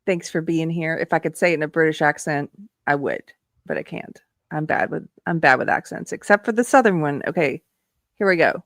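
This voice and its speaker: A woman's voice: deep voice, a little fast, no echo. Laughing woman host, dry close sound. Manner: laughing often, ranting, animated. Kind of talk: casual live-stream chat.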